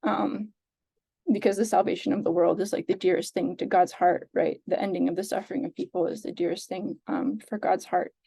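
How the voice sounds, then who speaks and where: A woman sharing reflections with a reading group on a video call, earnest and hesitant, with many pauses and fillers. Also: on the low side, steady tone, creaky, mellow, slightly rough, no echo.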